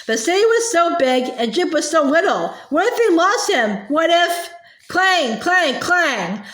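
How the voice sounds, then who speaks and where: A woman reading a children's book aloud, halting often with fillers and restarts. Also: high-pitched. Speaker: reader. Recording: echoey room.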